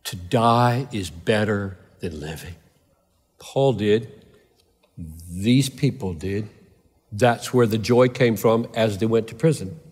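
A man's voice: fairly low pitch, slow, darkish tone, slightly rough. An older man preaching a sermon in a large church, emphatic and repeating phrases for stress. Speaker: pastor. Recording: reverberant church hall.

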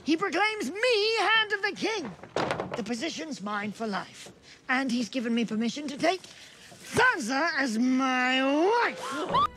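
An actor playing a dwarf stage player performing a lord, with a well-spoken Southern English accent and a boastful, theatrical delivery. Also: male voice, extremely high pitch, big pitch swings, slow pace, bright, forceful tone, a little hiss or hum, exaggerated voice.

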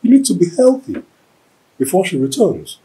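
An actor with a Nigerian accent playing a devout husband consoling his wife, speaking in a gentle, pleading, reassuring way. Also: sits high, wildly swooping pitch, moderate pace, slightly rough, heavily acted. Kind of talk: film drama acting.

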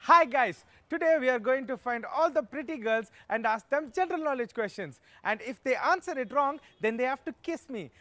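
A man's voice: very high-pitched, lively intonation, normal speed, few pauses, pushed and bright, dry recording, full character voice. A man voicing a cocky young prank host who teases strangers in vlogger style. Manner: cocky, teasing vlogger talk.

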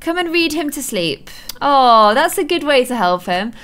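Young girl doing a let's play, high voice that jumps all over, gasps a lot, chatty with viewers. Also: sing-song, moderate pace, fairly bright tone. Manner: gushing, gasps often, talks to viewers. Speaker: gaming channel host.

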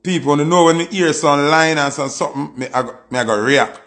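A Jamaican man hosting an excited music reaction, exclamatory and swearing freely. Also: on the high side, fairly quick.

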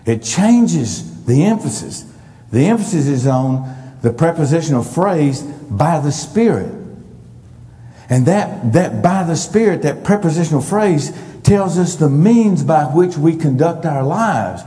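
A male pastor delivers a sermon in an unhurried, emphatic cadence, stressing single words for weight. His voice is mellow and warm. It rings out with the long reverb of a church sanctuary. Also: on the high side, animated.

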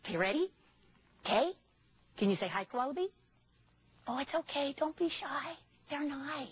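Woman coaxing her parrot for a crowd, high and bouncy, lots of laughs, dull noisy audio. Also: lively intonation, moderate pace, dry recording. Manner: upbeat, coaxing, laughs often. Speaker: bird trainer showing a parrot to an audience. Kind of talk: live demonstration with commentary. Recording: muffled with loud ambient noise.

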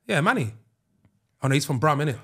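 A young man hosting a podcast, ribbing his guest with quick, playful comebacks. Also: a little high, sing-song, pushed and bright, husky. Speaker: podcast host. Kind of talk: casual podcast chat.

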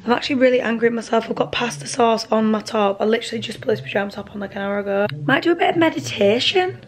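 A woman, chatting casually to camera at home, rambling and often speaking quietly. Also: on the high side, quick pace. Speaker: lifestyle vlogger. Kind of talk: casual vlog chat to camera. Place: at home in a bedroom at night.

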